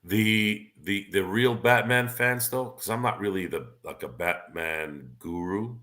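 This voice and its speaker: A man with a lowish voice, a little slow, sounds pushed and bright as he hosts a podcast. In this casual sports and movie chat, he's opinionated and rambling, restarting often.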